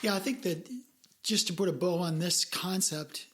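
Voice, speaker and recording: A woman's voice: on the low side, normal speed, a bit bright. Earnest rambling woman podcast host. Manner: earnest, rambling, restarts phrases. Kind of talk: casual chat.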